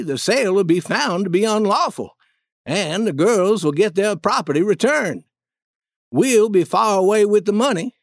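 A man voicing a scheming middle-aged con man who calls himself a king, speaking in a persuasive, smooth manner for a read-aloud story. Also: high-pitched, dry recording, clean studio sound, exaggerated voice.

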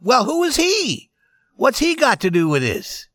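A man's voice: very high-pitched, wildly swooping pitch, unhurried, a bit bright, no echo, clean studio sound, pitched above the performer's own voice, heavily acted. A man voicing a talkative traveling salesman who grows frightened and fires off nervous questions in a storybook reading. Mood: anxious.

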